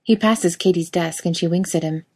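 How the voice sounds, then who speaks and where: A woman reads a story aloud with a wry, casual delivery that lets the odd swear word through. Her voice sits a little low. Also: moderate pace, warm tone, husky. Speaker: reader. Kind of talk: storytelling narration.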